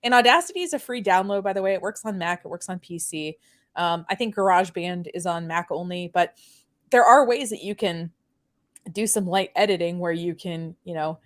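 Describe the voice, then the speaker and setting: A woman with a French Canadian accent hosting a casual chat, rambling with many fillers. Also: lowish voice. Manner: chatty, rambling, lots of fillers. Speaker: host.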